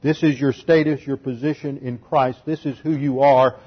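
A husky-voiced male pastor working through a sermon point by point. He teaches methodically, and the recording sounds dull and lo-fi. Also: mid-range voice, fairly even intonation, moderate pace. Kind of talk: expository sermon.

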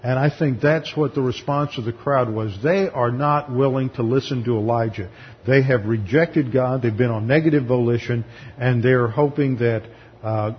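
A man's voice: medium pitch, slight background noise. A man teaching through a Bible passage in a sermon, explaining it emphatically and sometimes acting out the people he quotes. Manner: explanatory, emphatic, acts out voices when quoting. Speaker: pastor. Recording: lo-fi recording in a reverberant hall.

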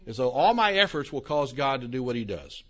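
An older man lectures on theology to a live audience in a conversational way, posing questions to the room and making self-deprecating asides. His medium-pitched voice is very animated, brisk, and fairly bright. The recording is dull and lo-fi.

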